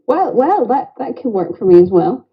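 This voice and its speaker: A woman's voice: on the high side, sing-song, normal speed, husky. A woman with a Greater Manchester accent, chatting casually as a caller from outdoors in her garden. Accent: Northern English, Greater Manchester. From England. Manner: chatty, laughs easily. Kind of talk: casual chat. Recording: dull lo-fi call audio.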